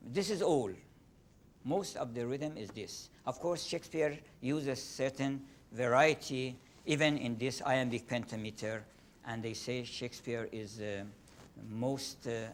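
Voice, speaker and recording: An older man with a Persian accent giving a lecture on poetry, halting and full of fillers and restarts, speaking in a room with a faint low rumble. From Iran.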